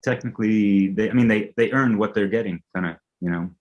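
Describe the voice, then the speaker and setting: A man's voice: lowish voice, fairly quick, muffled recording. A man hosting a podcast interview in a casual, hesitant way, often searching for words. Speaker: podcast host.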